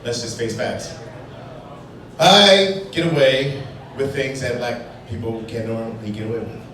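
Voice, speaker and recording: A man's voice: medium pitch, a bit bright. A man from Chicago performing a stand-up comedy set on a brew pub stage, talking in a wry, playful way. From Chicago, USA. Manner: wry, playful, quick jumps into put-on voices. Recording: distant, echoey, noisy live bar recording. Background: audience laughter and bar noise.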